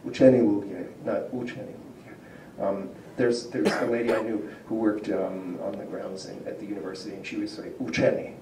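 A man's voice: fairly low pitch, level tone, a little fast, few pauses, background noise. A man giving a public linguistics lecture to a community audience, explaining patiently and asking the room questions. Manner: explanatory, asks the audience questions, chuckles often. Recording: roomy hall picked up from a distance.

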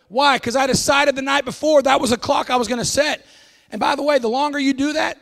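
A pastor preaching a folksy, emphatic sermon, often bursting into shouts. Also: male voice, extremely high pitch, vocal fry.

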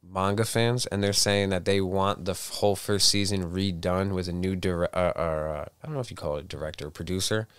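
A man's voice: low voice, fairly even intonation, fairly quick, hardly any pauses, a bit bright, clear, resonant tone, no echo. A young man co-hosting a podcast in casual chat, joking, teasing and swearing a lot. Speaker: podcast co-host.

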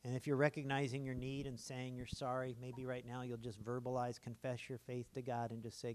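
Male pastor, mid-pitched, soft and repetitive, leading prayer at the close of a church sermon. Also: completely flat delivery, fairly quick, hardly any pauses, clean tone. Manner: gentle, hushed, repetitive pleading during prayer. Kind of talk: sermon altar call and prayer. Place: church auditorium.

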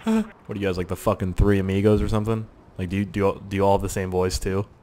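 A man giving excitable, joking, profane running commentary while playing a video game. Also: low-pitched, fast talker. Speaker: gaming commentator. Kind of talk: let's play commentary.

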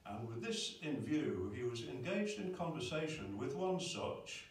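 Leisurely folk singer telling a tale. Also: male voice, mid-range voice, sing-song, measured pace. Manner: leisurely, with many ums and uhs. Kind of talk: storytelling between songs. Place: jazz club, indoors, live audience. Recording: echoey live club from far off.

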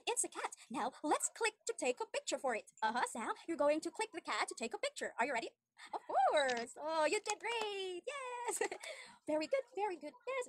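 A young woman giving an online demo English lesson to a young child, with exaggerated sing-song praise and frequent laughs. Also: very high-pitched. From Philippines.

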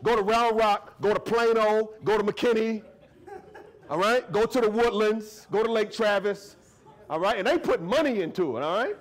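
A man giving a lively, conversational guest lecture as a history professor, joking and often checking in with his audience. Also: sits high, normal speed. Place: university lecture to a live audience.

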